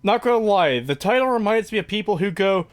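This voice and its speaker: A man's voice: high voice, lively intonation, brisk. A young man hosting a casual podcast, swearing freely and ranting in an exasperated way. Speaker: podcast host. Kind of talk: casual chat.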